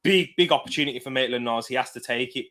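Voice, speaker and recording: A man's voice: medium pitch, quick pace, sharp tone. Chatty British man live-streaming. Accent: British English. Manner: chatty, laughs often, reads out viewer comments. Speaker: football watch-along streamer. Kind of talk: live stream chat and match commentary. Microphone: desk mic, sits back from it.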